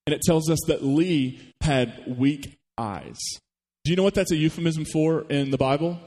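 Animated male pastor in a reverberant church. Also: fairly high pitch, moderate pace. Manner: animated storytelling, rhetorical questions to the congregation. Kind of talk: sermon.

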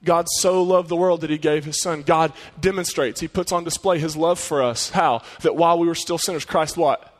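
A man's voice: a little high, steady tone, moderate pace, few pauses, in a large hall. A man preaching a sermon in an earnest, conversational way, often putting rhetorical questions to his listeners. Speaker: pastor.

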